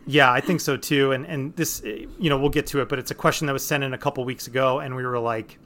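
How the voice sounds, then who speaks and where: A man's voice: mid-range voice, fairly even intonation, quick pace, a bit bright, a little hiss or hum. A man hosting a casual podcast, talking in a rambling way with many restarts and fillers. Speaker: podcast host.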